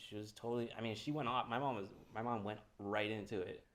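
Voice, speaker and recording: A man's voice: on the low side, fairly even intonation, fast, fairly bright tone. A man co-hosting a comedy podcast, telling a rambling story in casual chat with many fillers. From California.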